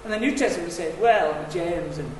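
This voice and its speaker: A man preaching a sermon, swinging between hushed asides and loud, emphatic declarations. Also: high voice, normal speed, slight background noise. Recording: echoey hall, distant mic.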